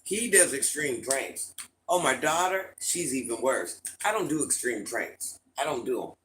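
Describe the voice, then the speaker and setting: A middle-aged man hosting a casual livestream, telling stories and answering his chat in a lively, repetitive way. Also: mid-range voice, measured pace, a little hiss or hum, poor audio. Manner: repetitive, animated storytelling, often restarts phrases. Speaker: livestream host talking to chat viewers.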